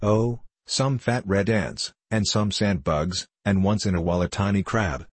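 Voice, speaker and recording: A man with a low, husky voice reading the lines of a gruff, blunt female yellow hen in an audiobook story. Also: a little slow, no echo. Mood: matter-of-fact. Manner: gruff, blunt and self-assured.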